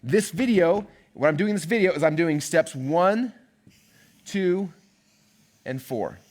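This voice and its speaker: A man's voice: on the high side, expressive, a little slow, darkish tone. A man coaching an online marketing course live, talking energetically and chattily and checking in with listeners with "right?" and "okay?".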